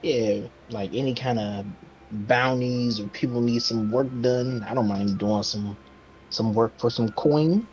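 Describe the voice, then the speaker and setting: A man's voice: medium pitch, unhurried, a little mellow, a little hiss or hum. A man playing a tabletop game who talks casually and hesitantly, with a lot of filler words. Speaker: player. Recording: dull, lo-fi mic.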